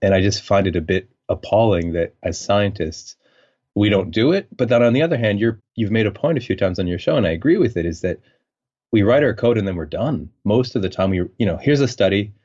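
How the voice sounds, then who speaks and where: A man from French Canada, a scientist, talking in a relaxed, rambling way as a podcast guest. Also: fairly low pitch, fairly quick, lo-fi sound. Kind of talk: conversational interview.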